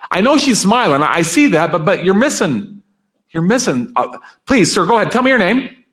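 A man's voice: high-pitched, very animated, moderate pace, a bit bright, rough recording. A man leading an interactive seminar, energetically coaxing his live and online audience and repeating their answers aloud. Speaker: speaker leading a workshop.

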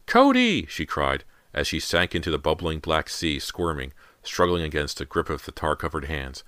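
A man with an extremely deep voice reads a horror audiobook in a suspenseful, dramatic way. His tone is bright and forceful for so low a pitch, and the sound is close and dry. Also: steady tone, normal speed, no room sound. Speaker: audiobook narrator.

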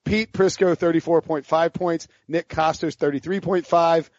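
Male podcast host, fairly high voice, rambling and animated, quick to laugh; dull, dry lo-fi mic. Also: dry recording. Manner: rambling, animated storyteller who laughs mid-sentence. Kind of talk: casual sports podcast banter.

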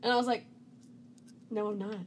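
A woman's voice: a little high, normal speed, over a noisy crowd. A young woman co-hosting a podcast, telling stories in casual chat and acting out quotes with energy. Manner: animated storytelling, acts out quotes. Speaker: podcast co-host.

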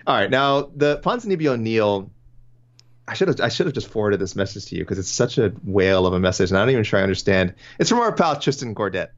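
Low-voiced man chatting loosely on a podcast. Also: sing-song, dull audio. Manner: rambling, self-correcting, quick to laugh. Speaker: podcast co-host. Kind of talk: casual podcast chat about fight matchmaking.

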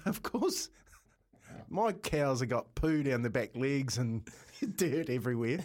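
Laughing Kiwi man telling a story. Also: moderate pace. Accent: New Zealand. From New Zealand. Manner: animated, laughing, raises pitch for quoted voices. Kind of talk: casual storytelling.

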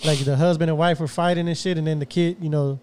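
Guy on a podcast, kinda high voice, lots of yeah and nah, mumbles low when he's telling a story. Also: fairly even intonation, faint music behind. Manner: quick reactions, drops low and quiet when telling stories. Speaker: podcast co-host. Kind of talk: casual chat.

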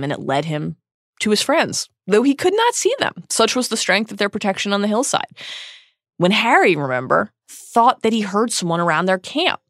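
A woman's voice: fairly low pitch, no room sound, studio quality. A woman co-hosting a podcast, casually retelling a book's plot and dramatizing the quotes. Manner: animated storyteller, dramatizes quotes. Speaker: podcast co-host.

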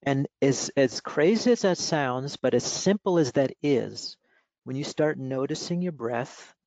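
A man speaking as a mindfulness coach in an interview, explaining exercises in a relaxed, instructive way with many fillers. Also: mid-range voice, unhurried, no echo. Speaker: mindfulness coach and author, guest. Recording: dull lo-fi audio.

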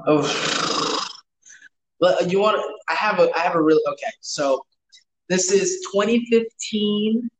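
A man's voice: high-pitched, slow, background noise. New dude in his 30s, swears a lot, trips over his words telling a story. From New York. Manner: rambling, profane, lots of restarts. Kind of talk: casual storytelling chat.

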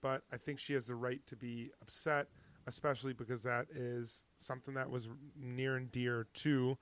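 A man co-hosting a casual TV recap podcast, halting with fillers and restarts, firmly opinionated. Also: medium pitch, little pitch movement, fairly bright tone. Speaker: podcast co-host. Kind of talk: casual chat recapping a TV show.

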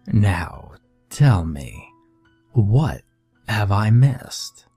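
A man's voice: low-pitched, wildly swooping pitch, unhurried, vocal fry, mellow, breathy edge, no echo, soft background music, voice pushed down, heavily acted. A man voicing a towering, jovial bear-like male creature who speaks in a friendly, genial way.

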